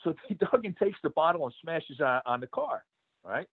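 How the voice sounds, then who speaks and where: A man's voice: a little high, expressive, normal speed, husky, no room sound. A man, a retired pro wrestler, telling road stories in a casual interview, rambling with many fillers and laughs. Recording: tinny phone-like line.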